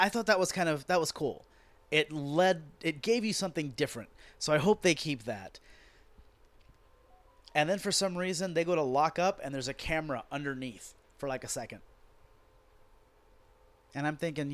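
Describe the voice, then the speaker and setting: A man's voice: fairly high pitch, no room sound. Profane ranting man on a podcast. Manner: animated, profane, sarcastic ranting. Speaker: podcast host. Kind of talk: casual ranting wrestling commentary.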